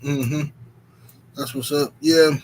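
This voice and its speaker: A man hosting a live boxing talk stream, shouting out viewers by name in a relaxed, chatty way with many fillers. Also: a little high, takes it slowly, a little hiss or hum. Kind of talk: casual live-stream chat.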